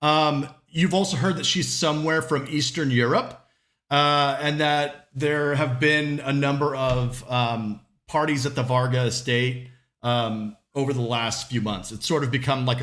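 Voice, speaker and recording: A man's voice: mid-range voice, fairly even intonation, a little slow, fairly bright tone. A man narrating a tabletop game as game master, casual and full of fillers.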